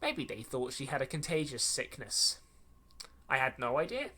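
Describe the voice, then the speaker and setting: This man hosts a podcast and reads a horror story aloud in a mid-range, sing-song, husky voice with a sharp edge, at normal speed. He trips over clumsy sentences, then rereads them mockingly with sarcastic asides.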